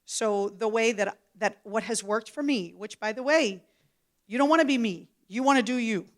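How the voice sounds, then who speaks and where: A middle-aged woman speaking casually on a panel, relaxed, repeating words and adding playful asides. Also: a little high, moderate pace.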